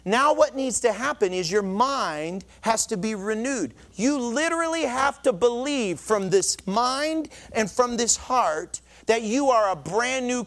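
A man preaching a sermon to his congregation in a church. He speaks earnestly and conversationally. He often stumbles over words and starts again. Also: sits high. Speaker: pastor.

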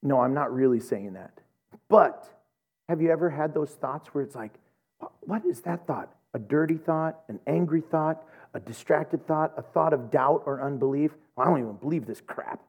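A middle-aged man preaching a sermon, an animated storyteller who laughs often and acts out voices. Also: a little high, moderate pace, husky, muffled recording. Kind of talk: sermon with humorous anecdotes.

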